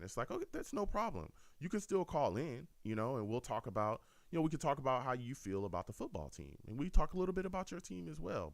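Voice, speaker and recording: Deep-voiced animated male show host. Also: no echo. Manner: animated, repetitive, addresses listeners directly. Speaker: host of a fan radio show. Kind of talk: casual call-in show talk.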